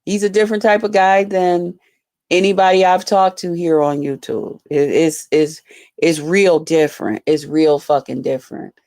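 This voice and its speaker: This YouTuber speaks in a lowish voice at a moderate pace, spinning a story for her viewers in a laid-back vlog. Profanity flows easily, her delivery is lively, and she keeps addressing everyone as "y'all."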